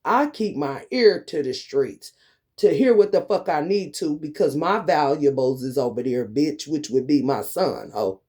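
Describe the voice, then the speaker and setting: Man ranting in a lively sing-song voice. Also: fairly high pitch, a little slow. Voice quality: swaggering, cursing, taunting. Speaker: vlogger. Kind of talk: profane confrontational rant.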